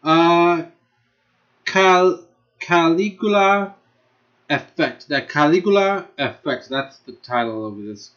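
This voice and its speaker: A man's voice: on the high side, slow, pauses often, fairly bright tone, lo-fi sound. A man ranking anime in a casual video, rambling and restarting his sentences, laughing often and cursing freely. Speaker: anime reviewer.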